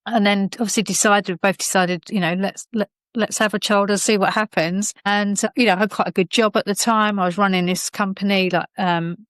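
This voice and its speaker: Middle-aged British woman, guest, candid and rambling with fillers, medium pitch, dry room. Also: steady tone, fairly quick, few pauses, no echo. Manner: rambling, many fillers and restarts. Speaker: podcast guest, author. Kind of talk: candid personal storytelling.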